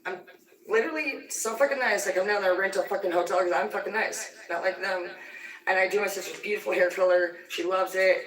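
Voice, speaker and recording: A woman's voice: mid-range voice, fairly quick. A woman on a livestream, ranting in a heated, vulgar, rambling way. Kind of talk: profane angry rant on a livestream. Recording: echoey room, distant from the mic.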